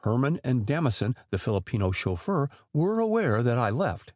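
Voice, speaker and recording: A man reading the part of a defensive gentleman who gives cool, guarded replies to a police inspector. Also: mid-range voice, sing-song, normal speed, dry recording, clean studio sound.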